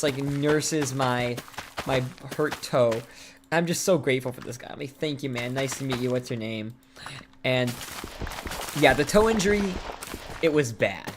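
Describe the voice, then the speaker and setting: Man streamer, rambling storytelling while gaming, loads of fillers, noisy mic with clicks. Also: mid-range voice. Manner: rambling, full of "like" fillers and restarts.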